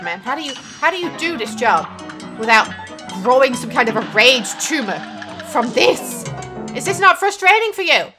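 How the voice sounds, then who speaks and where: A woman reacting to gameplay footage in casual commentary, sarcastic and exasperated, swearing freely. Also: high voice. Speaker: gaming YouTuber reacting to a video. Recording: music playing clearly behind.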